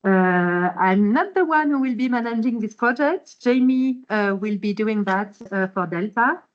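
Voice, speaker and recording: A woman from France with a French accent, introducing colleagues at the start of a hybrid meeting in a halting, friendly way. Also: mid-range voice, expressive. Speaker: staff member introducing a meeting. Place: meeting room. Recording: muffled meeting-room recording.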